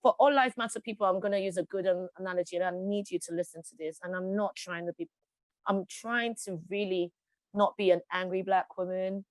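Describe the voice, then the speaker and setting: A woman's voice: mid-range voice, a little fast, no echo. A woman, a guest in an interview, speaking passionately with emphatic rhetorical questions. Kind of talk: passionate conversational speech.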